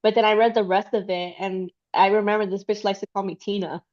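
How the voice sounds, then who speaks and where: A woman's voice: medium pitch, steady tone, brisk, darkish tone, muffled recording. A woman chatting casually and rambling, with lots of fillers and giggles. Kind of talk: casual chat.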